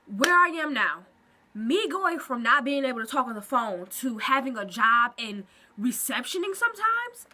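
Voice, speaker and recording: Bright, expressive young woman vlogging. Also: high voice, slight background noise. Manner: expressive, animated storytelling with quick asides. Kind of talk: casual vlog talk to camera. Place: at home, indoors.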